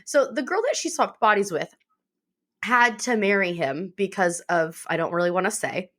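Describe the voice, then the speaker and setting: A woman's voice: medium pitch, normal speed. A woman co-hosting a podcast, chatting casually and energetically as she retells a book's plot and swears freely. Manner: animated, swearing, retelling plots with quoted voices. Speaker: podcast co-host. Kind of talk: casual chat recommending books.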